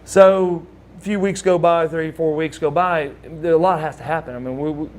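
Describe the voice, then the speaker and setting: A man telling a personal story in casual speech, with halting restarts and lively acted-out quotes. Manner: animated, acts out quoted voices with big pitch jumps; halting restarts and repeated words. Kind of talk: casual spoken anecdote.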